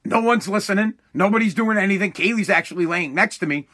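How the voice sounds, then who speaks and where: A young man hosts his own podcast alone, telling stories in a loose, rambling stream full of swearing and false starts. His voice sits high for a man and sounds bright and forward. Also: fast. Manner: rambling, profane, restarts often. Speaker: podcast host. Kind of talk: casual solo podcast monologue.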